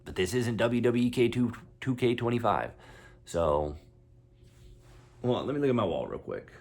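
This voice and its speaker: A man chatting casually as a wrestling vlogger, rambling and excitable, breaking into laughter easily. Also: mid-range voice, normal speed. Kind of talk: casual chat.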